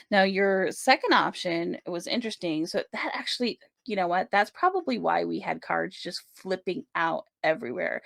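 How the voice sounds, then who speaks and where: Woman, tarot reader, casual chat, gravelly, dry room, keeps asking "right?". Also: lowish voice, no room sound. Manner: chatty, reassuring, many "right?" check-ins. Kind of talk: casual tarot reading to camera.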